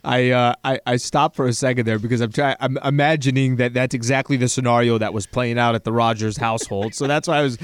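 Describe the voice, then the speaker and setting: A male sports radio co-host who speaks in a measured, conversational way. His voice is smooth and resonant, and it sounds dry and close to the mic. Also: mid-range voice, steady tone, no echo.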